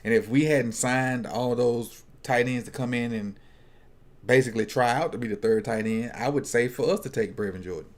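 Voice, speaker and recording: A man's voice: mid-range voice, moderate pace. Easygoing man chatting at a draft party. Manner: loose, joking, thinks aloud with restarts. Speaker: football fan at a draft watch party. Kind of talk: casual chat.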